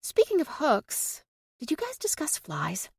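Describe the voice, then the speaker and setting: A playful, teasing young woman, pitched noticeably higher and brighter than the surrounding narration, as a woman reader puts her on. She sounds lively and cheerful, and the dry, close recording keeps her crisp. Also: measured pace, no room sound, full character voice. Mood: curious. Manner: bright, lively, mock Southern drawl at times.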